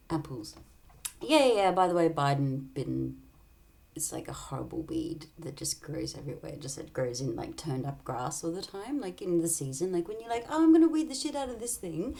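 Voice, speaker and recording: A woman's voice: deep voice, vocal fry, dark tone. A woman in a rambling, tangential casual monologue, often dropping into whispered asides.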